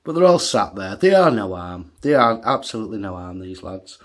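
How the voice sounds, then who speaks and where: A man's voice: fairly low pitch, big pitch swings, a little fast. A man telling an angry story on his own channel. He swears heavily, gets agitated, and laughs at himself between rants. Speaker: vlogger. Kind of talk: ranting monologue story.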